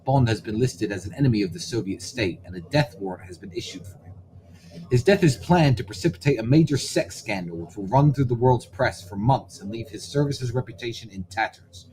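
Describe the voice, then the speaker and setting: Brief: male vlog host, wry storyteller, lively pitch, faint room noise. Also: fairly quick, poor audio.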